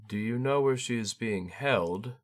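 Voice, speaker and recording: Homesick young noblewoman, flat and guarded, a man doing her, raised pitch, storybook reading. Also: a little slow, faint music behind, natural voice. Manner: flat, guarded, quietly sarcastic.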